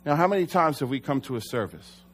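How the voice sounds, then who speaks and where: A man's voice: mid-range voice, lively intonation, quick pace. A young adult man preaching a sermon as pastor, earnest and conversational, sometimes correcting himself.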